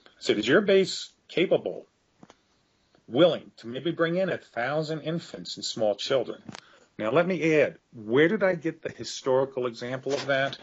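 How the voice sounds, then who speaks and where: A man's voice: mid-range voice, animated, moderate pace, slightly rough. A middle-aged man interviewed as an author, telling grave scenarios in an earnest voice that turns emotional. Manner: earnest storytelling, growing emotional. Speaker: author guest. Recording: dull lo-fi audio.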